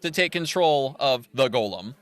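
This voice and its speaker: A man's voice: medium pitch, moderate pace, dry recording. A man co-hosting a podcast, casually retelling a film's plot and acting out its characters' lines. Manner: animated recapping with acted-out quotes. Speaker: podcast co-host.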